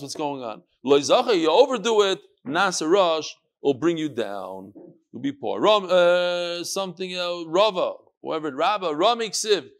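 A man teaching a Talmud class in a lively, questioning manner, sprinkling in Yiddish and Hebrew terms to students in a study hall. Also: sits high.

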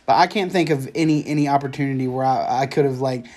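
A man's voice: mid-range voice, quick pace, darkish tone. A man from the Southern United States hosting a podcast, rambling and joking in casual chat. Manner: rambling, jokey, slips into comic put-on voices. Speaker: podcast host.

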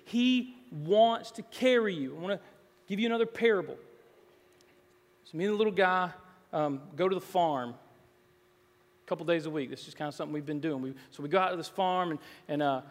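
A man's voice: on the high side, fast talker, pauses often. A man preaching a sermon as pastor, telling homely stories and rising into emphatic, pleading calls to his listeners. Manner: storytelling that swells into emphatic, rising exhortation. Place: church sanctuary. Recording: long reverb of a large hall.

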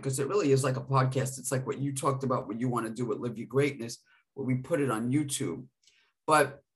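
A woman with a New York accent, co-hosting a casual podcast chat and telling stories in an animated way. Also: a bass voice. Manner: animated storytelling with laughs. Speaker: podcast co-host.

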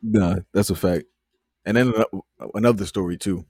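A man's voice: on the low side, normal speed, darkish tone, breathy edge, no echo, studio quality. A young man, co-hosting a podcast and telling a long casual story full of slang, laughing as he goes. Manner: laid-back, slangy, laughs through stories. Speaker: podcast co-host.

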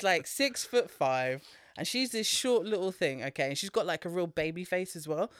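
Animated podcaster, dry close mic. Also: mid-range voice, a little slow, no room sound. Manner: animated, laughs often, swears freely. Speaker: podcast co-host. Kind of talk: casual chat, retelling a film.

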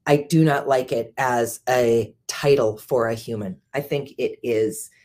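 Low-voiced woman reading aloud. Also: darkish tone. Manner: measured reading with personal asides. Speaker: host, CEO. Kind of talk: reading a book aloud, then casual discussion.

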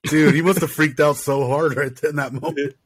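A man's voice: fairly high pitch, steady tone, normal speed, husky, no room sound. A man hosting a casual podcast chat, asking follow-up questions and reacting to stories.

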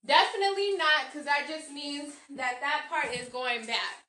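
A woman's voice: sits high, moderate pace, pushed and bright. A woman hosting a podcast, chatting casually to her listeners while she cooks. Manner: chatty, addresses listeners as y'all. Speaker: podcast host. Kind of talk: casual chat while cooking.

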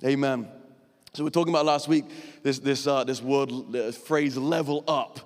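A man's voice: medium pitch, steady tone, moderate pace. Earnest male pastor in a reverberant hall. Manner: earnest, conversational, emotional preaching. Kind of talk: sermon. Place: church hall.

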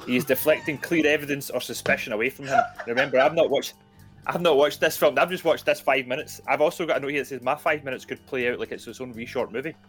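Male guest, talks fast, wry and joking in casual film chat. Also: mid-range voice, fairly bright tone, faint music behind. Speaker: podcast guest.

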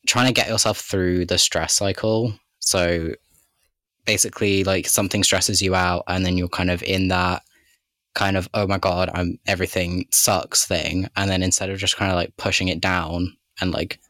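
Male podcast co-host, very low voice, dry close sound, rambling chat full of fillers. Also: fairly even intonation, moderate pace, a bit bright, dry recording. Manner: rambling, heavy use of "like" and "kind of". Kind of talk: casual chat.

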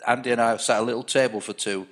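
A man's voice: medium pitch, fairly even intonation, fast. A man in his sixties telling anecdotes in a casual chat, often restarting his sentences. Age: 60s.

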